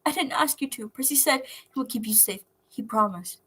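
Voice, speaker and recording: A moody, guarded teenage boy, voiced by a woman reading a story aloud, breathy and soft, pleading and defensive in turns, in an audiobook-style reading. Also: fairly high pitch, animated, normal speed, exaggerated voice. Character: brooding troubled teen boy, defensive.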